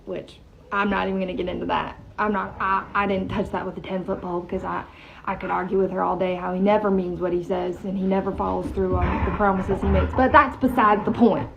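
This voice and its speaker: A woman's voice: mid-range voice, fairly even intonation, fairly quick, creaky. A woman chatting casually, wryly recounting a conversation and acting out both sides. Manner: chatty, wry, acts out dialogue. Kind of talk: casual storytelling vlog. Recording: dull lo-fi with faint noise.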